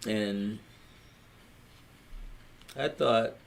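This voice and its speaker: A man's voice: fairly low pitch, extremely slow, vocal fry. Older man, Louisiana accent, rambling family storyteller, plain-spoken. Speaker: family elder telling his story. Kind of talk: storytelling in a family history recording.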